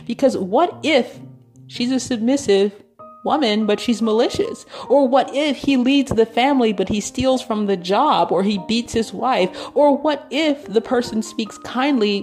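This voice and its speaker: A woman's voice: mid-range voice, darkish tone. A woman giving a conversational Bible teaching, often checking in with "right?" and "you know".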